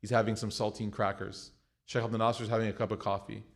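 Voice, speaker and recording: A man's voice: on the low side, fast talker. An American man teaching a class, talking casually and retelling stories with jokes. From United States. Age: young adult. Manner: conversational, joking, animated retelling. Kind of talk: class lecture with storytelling.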